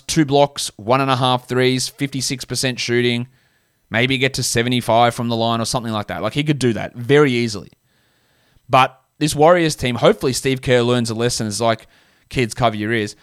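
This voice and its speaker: A man's voice: medium pitch, no echo. Young man, blunt slangy podcast host, rattles off stats, dry close sound. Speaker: fantasy basketball podcast host. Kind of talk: casual solo podcast analysis.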